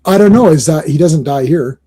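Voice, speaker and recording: A man hosting a comic book podcast in casual chat, excitable and rambling, often laughing and restarting his sentences. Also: a little high, fairly quick, husky.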